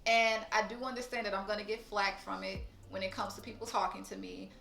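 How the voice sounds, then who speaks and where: A woman's voice: medium pitch, little pitch movement, brisk, creaky, fairly bright tone, echoey room. A woman talking frankly and emotionally in a personal vlog, swearing casually. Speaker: vlogger. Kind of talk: candid personal vlog talk.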